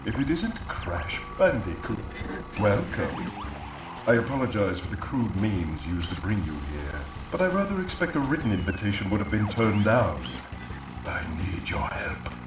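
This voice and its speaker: A scheming mad-scientist villain from a video game, all silky, theatrical courtesy with a threat underneath. His low voice swoops up and down with relish. He sounds distant, in a roomy, echoing space, with game music playing behind him. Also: very animated, moderate pace. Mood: sly menace. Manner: smooth, theatrical, menacing politeness.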